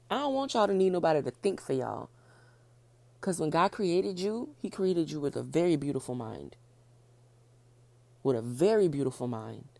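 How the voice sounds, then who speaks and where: Fast-talking low-voiced woman podcaster. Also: mellow, dry recording. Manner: fast-talking, chatty, repeats herself for emphasis. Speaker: podcast host. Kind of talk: casual solo podcast talk.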